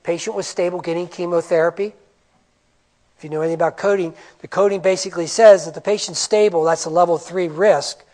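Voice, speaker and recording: High-voiced animated male presenter. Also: brisk. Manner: animated, emphatic, rhetorical questions. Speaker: medical coding presenter. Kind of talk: conference presentation. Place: conference room.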